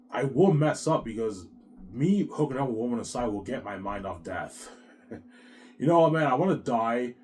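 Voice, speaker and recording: A man with a low, deep voice talks on and on in an emotional, rambling monologue. He sounds agitated and circles back to the same points, swears a lot and keeps calling the listener "man.". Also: a little mellow, a little hiss or hum.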